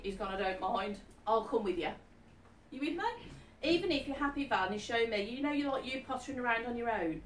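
With lively intonation and a slightly fast delivery, a woman medium chats her way through a live reading, frequently asking her audience "are you with me?". Her voice is a little high, captured by a distant mic in an echoey room with faint background noise.

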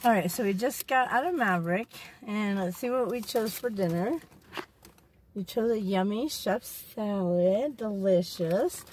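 A woman's voice: mid-range voice, measured pace, a little mellow, a little hiss or hum. A mother chatting playfully and upbeat in a casual family vlog, recorded in a parked car. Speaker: vlogger and mother.

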